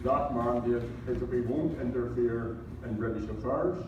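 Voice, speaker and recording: A man's voice: medium pitch, normal speed, muffled recording. A man with an Irish accent making a firm, combative political statement in an archive news clip. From Ireland. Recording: echoey playback from far off, noise.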